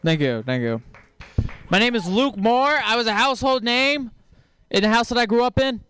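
A man from Texas doing a stand-up set, delivering dry deadpan one-liners. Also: extremely high pitch, moderate pace, clear, resonant tone. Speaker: stand-up comedian. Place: comedy show on stage.

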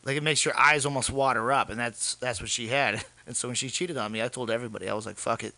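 A man telling crude, animated comic stories on a podcast. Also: mid-range voice, fast, creaky, very noisy. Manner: brash, profane, animated. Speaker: podcast co-host, comedian. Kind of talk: crude comedic storytelling.

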